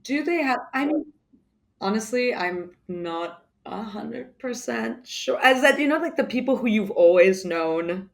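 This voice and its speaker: A woman's voice: a little high, expressive, unhurried, gravelly. Chatty woman with a mixed English accent. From United Kingdom. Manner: rambling, many fillers and restarts. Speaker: interview guest. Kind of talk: casual conversation.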